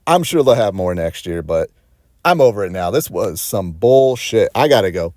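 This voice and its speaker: A man's voice: lowish voice, expressive, normal speed, darkish tone, dry recording, studio quality. A young man telling a frustrated, rambling story from his parked car, full of fillers and acted-out dialogue. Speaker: vlogger. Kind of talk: casual storytelling rant. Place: parked car in a parking lot.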